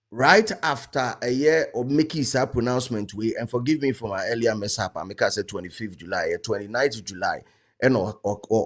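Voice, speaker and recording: Subdued hesitant Ghanaian host man. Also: mid-range voice. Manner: subdued, hesitant, many fillers. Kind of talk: casual commentary.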